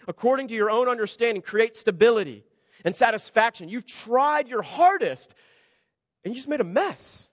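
High-voiced man preaching in a hall. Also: expressive, normal speed, lo-fi sound. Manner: earnest, conversational preaching with rhetorical questions. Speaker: pastor. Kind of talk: sermon.

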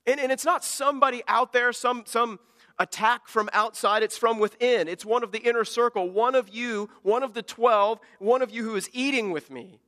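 A man's voice: very high voice, moderate pace, pushed and bright, long reverb tail. A man preaching an earnest sermon as a pastor, often stammering and restarting words as he builds his points.

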